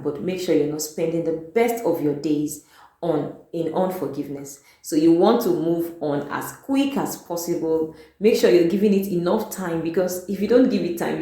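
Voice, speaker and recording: A woman's voice: deep voice, a little mellow. A Nigerian woman giving a motivational talk to camera on her channel, earnest and repeating her key points. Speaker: vlogger. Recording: very echoey room.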